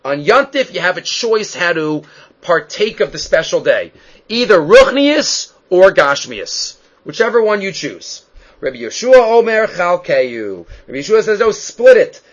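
Male rabbi giving a Talmud lecture, fairly high voice, emphatic rises and drops, dull lo-fi recording. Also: sing-song, measured pace. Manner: emphatic, rising and dropping sharply for stress. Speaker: rabbi teaching a class.

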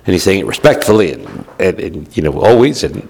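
A man's voice: low voice, big pitch swings, fairly quick, vocal fry, a little mellow, slightly rough. A man teaching Jewish law in an explanatory lecture, patiently repeating his points and checking in with the listener. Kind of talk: explanatory text-study lecture.

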